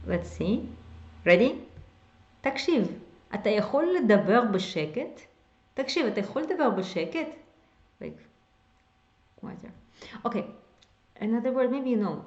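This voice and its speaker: A woman's voice: medium pitch, a little mellow, highs cut off. Woman teaching a language lesson, roomy sound. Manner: explains slowly, repeats example phrases, whispers some words to demonstrate. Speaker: Hebrew teacher.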